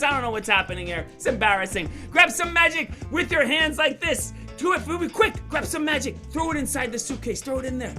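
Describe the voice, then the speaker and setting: A man performing a playful, animated magic show for schoolchildren over a video call, teasing and cheering the kids on. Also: extremely high pitch, normal speed, faint music behind. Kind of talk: virtual kids' magic show.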